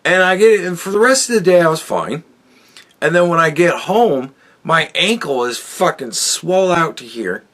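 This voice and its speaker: A man's voice: on the high side, a bit bright. Profane rambling man telling a story. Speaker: podcast host. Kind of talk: casual monologue.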